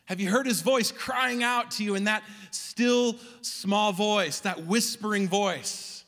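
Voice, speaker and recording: A male pastor giving a Christmas Eve sermon in rhythmic preaching cadence, swinging from loud to hushed. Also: high-pitched, takes it slowly, in a large hall. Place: church sanctuary.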